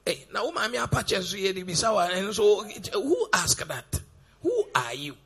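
A man preaching a sermon, firing off rhetorical questions in a gravelly, raspy voice. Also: sits high, very animated, normal speed, fairly bright tone.

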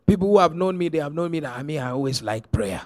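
A middle-aged man, preaching a sermon as pastor, telling stories and swinging from hushed to shouted. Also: on the high side, expressive, fast.

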